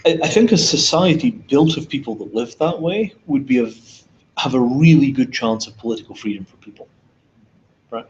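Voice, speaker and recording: A man's voice: mid-range voice, animated, normal speed. A man from Scotland with a Scottish accent, speaking bluntly and emphatically in a casual panel discussion, swearing freely. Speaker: invited speaker. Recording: dull lo-fi audio with faint noise.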